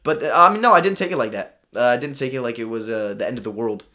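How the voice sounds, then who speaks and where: A young man telling a story in a casual, animated way, acting out his own thoughts as he goes. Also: medium pitch, fast. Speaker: vlogger.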